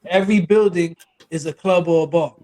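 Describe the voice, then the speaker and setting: A man's voice: fairly high pitch, a little fast, darkish tone, rough recording. A man hosting a podcast, talking in a laid-back, easygoing way. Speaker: podcast host. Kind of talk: casual podcast chat.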